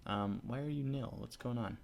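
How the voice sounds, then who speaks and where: A man hosting a casual coding tutorial, talking to himself as he works and getting loudly excited and laughing when things run. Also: mid-range voice, moderate pace, creaky, slight background noise.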